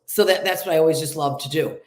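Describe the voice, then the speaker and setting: A woman's voice: low-pitched, fast talker, roomy sound. A middle-aged woman with a nasal upstate New York accent, chatting as an actress guest and telling stories with lots of fillers. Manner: chatty, animated storytelling with many fillers. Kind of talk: casual interview chat.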